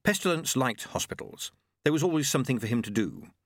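A man narrating a novel in expressive scripted storytelling. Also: medium pitch, brisk, no room sound, clean studio sound. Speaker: audiobook narrator.

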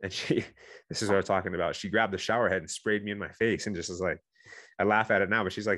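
Quick-talking deep-voiced man, earnest. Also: fairly even intonation, fairly bright tone, no echo, clean studio sound. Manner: earnest, emotional, many restarts and "you know"s. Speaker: guest. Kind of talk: candid personal storytelling.

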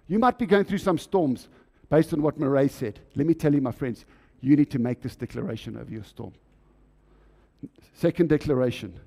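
A man's voice: medium pitch, normal speed, warm tone, breathy edge. A man preaching a sermon in a church, often asking the congregation questions.

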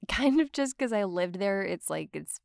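A woman's voice: mid-range voice, expressive, measured pace, gravelly, a little mellow, dry recording, clean studio sound. A young adult woman from Georgia, a voice actor, talking in a chatty, rambling way with lots of "like" and frequent laughs. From Georgia, USA. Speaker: voice actor guest. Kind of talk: casual podcast conversation.

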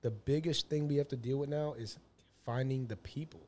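A man's voice: medium pitch, fairly quick, dark tone. A man who owns a business, steadily explaining his views in a casual podcast chat. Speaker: business owner.

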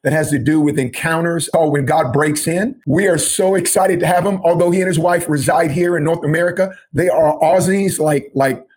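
A man's voice: a little high, fairly even intonation, a little fast, few pauses, a little mellow, a little hiss or hum. Hyped man hosting a podcast. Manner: hyped, emphatic. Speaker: podcast co-host.

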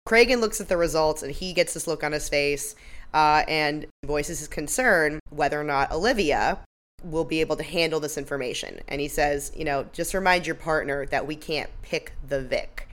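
Low-voiced woman, sarcastic recap chat. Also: a bit bright. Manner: sarcastic, swears freely, laughs at herself. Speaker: podcast co-host. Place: Ireland.

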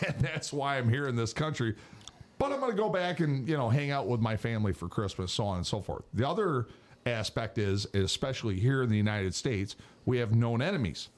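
A man's voice: mid-range voice, lively intonation, brisk. A man co-hosting a podcast in casual chat, ranting with heavy swearing. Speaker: podcast co-host.

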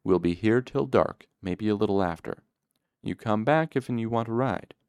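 A man voicing a kindly older male farmer who talks in gentle, folksy rural phrasing in an audiobook. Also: lowish voice, moderate pace, clean tone, no room sound, pitched above the performer's own voice, natural voice. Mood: gentle, earnest.

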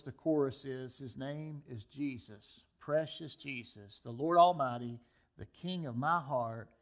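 A man preaching a sermon to his congregation, reading scripture and a poem aloud with rising emphasis. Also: mid-range voice. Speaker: pastor.

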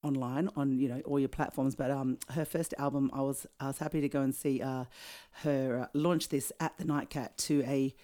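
A woman's voice: a bass voice, fairly even intonation, normal speed, warm tone. A middle-aged Australian woman co-hosting a podcast in casual chat, giggly and rambling, often losing her place. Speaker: podcast co-host and singer.

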